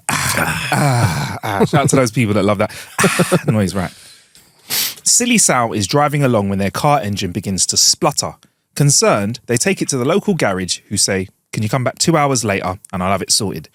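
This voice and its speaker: A man's voice: on the low side, very animated, normal speed, fairly bright tone, no room sound, clean studio sound. A man co-hosting a podcast, telling jokes in a playful, giggly way during a casual chat. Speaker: podcast co-host.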